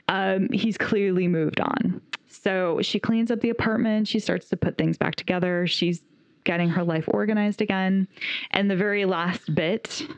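A woman's voice: on the low side, vocal fry, no echo. A woman co-hosting a podcast, retelling a film's story in casual chat with eager enthusiasm and frequent laughter. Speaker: podcast co-host reviewing a film. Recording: dull, dry lo-fi recording.

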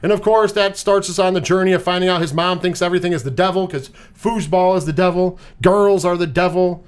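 A man hosts a casual movie review podcast, chatting loosely, swearing often, and laughing along with his co-hosts. His voice is high-pitched and smooth, with a steady tone and a brisk pace.

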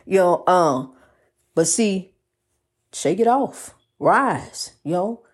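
A woman's voice: fairly low pitch, lively intonation, slow, slightly rough. A woman giving a motivational, preachy talk, repeating phrases in a rhythmic cadence with casual asides.

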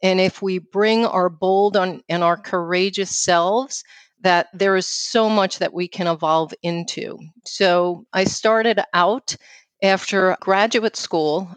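A woman in her fifties with a New York accent, a guest speaking in an outspoken, quick, casual way with lots of "you know.". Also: fairly low pitch, no room sound. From New York City. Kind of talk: casual interview conversation.

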